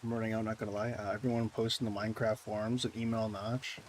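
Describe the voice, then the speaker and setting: A man's voice: lowish voice, little pitch movement, quick pace, a little hiss or hum. Sarcastic man ranting on stream. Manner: sarcastic, mock-indignant ranting. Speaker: live-streamer. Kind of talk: casual gameplay stream chat, answering viewers.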